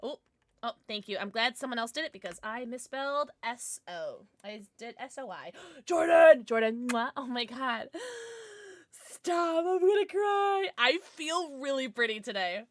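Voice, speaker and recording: A woman's voice: fairly high pitch, normal speed. A young woman streaming a game from home, chatting casually with viewers in a bubbly, playful, slightly tipsy way, greeting new followers with little gasps. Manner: bubbly and animated, gasping and squealing at follows. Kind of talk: casual livestream chat with viewers.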